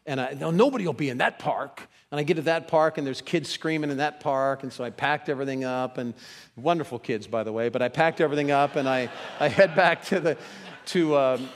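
A male pastor preaching a sermon, shifting from hushed, slow passages to loud, animated storytelling and acted-out quotes. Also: medium pitch, in a large hall. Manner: dramatic swings from hushed to loud, acts out quotes.

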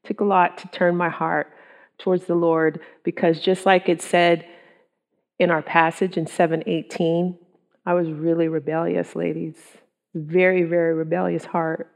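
A woman's voice: fairly low pitch, level tone, moderate pace, gravelly. A middle-aged woman giving an earnest, conversational testimony to a women's group, often with ums and quoted thoughts. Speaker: women's ministry speaker.

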